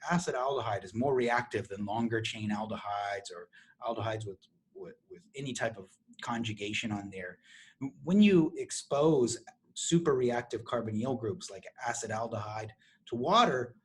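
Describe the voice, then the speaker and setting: A middle-aged man lecturing on chemistry to a university class. He explains step by step, restarting phrases and clearing his throat often. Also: mid-range voice. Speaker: chemistry professor.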